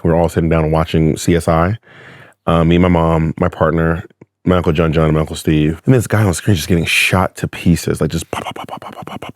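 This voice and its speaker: A man in his thirties, a guest in a casual interview, telling stories with big swings of pitch and frequent laughter. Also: dry recording, studio quality. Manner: animated storyteller, laughs often, swings pitch for effect. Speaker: guest, drag performer and author.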